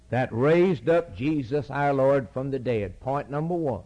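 A man's voice: medium pitch, a little slow, dark tone, low-quality recording. A man preaching a sermon, reading scripture aloud and driving points home through repeated phrases.

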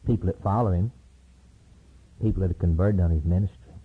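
A male preacher delivers a sermon, swinging from loud high cries to low hushed storytelling. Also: fairly quick, slightly rough. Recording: tinny lo-fi sermon tape.

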